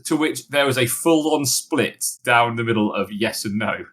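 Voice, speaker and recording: A man's voice: mid-range voice, moderate pace, a bit bright. Casual male co-host, talkative, joking, podcast mic. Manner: chatty, jokey, puts on mock voices. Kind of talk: casual chat.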